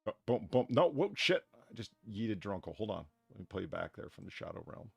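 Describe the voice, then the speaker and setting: Excitable, profane man, gravelly and husky. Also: on the low side, brisk, no echo. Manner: profane, excitable, laughs a lot. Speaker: podcast host. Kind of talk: casual chat.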